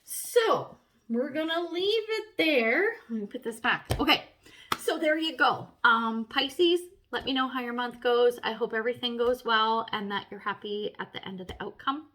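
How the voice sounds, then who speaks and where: A woman giving a casual tarot reading to camera, chatty and animated, swearing freely and laughing often. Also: on the high side, moderate pace. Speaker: tarot reader.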